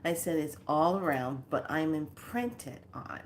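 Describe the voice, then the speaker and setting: A woman's voice: sits low, unhurried, a little hiss or hum. A woman hosting her own spiritual channel, telling a story casually and acting out both sides of the conversation. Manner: animated, acts out both sides of a conversation with laughs. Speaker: spiritual teacher and channel host.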